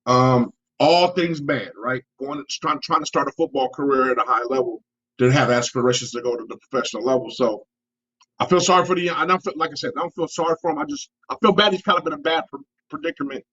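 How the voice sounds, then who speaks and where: A man's voice: mid-range voice, quick pace, fairly bright tone, dull audio, slight background noise. A man co-hosting a casual sports talk podcast, often stammering and restarting his sentences.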